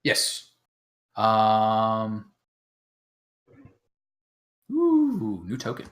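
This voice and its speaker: A man's voice: fairly low pitch, wildly swooping pitch, extremely slow. A man running a tabletop game who talks a lot and mocks himself, explaining the rules casually with lots of ums. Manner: talkative and self-deprecating, with many fillers. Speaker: game master.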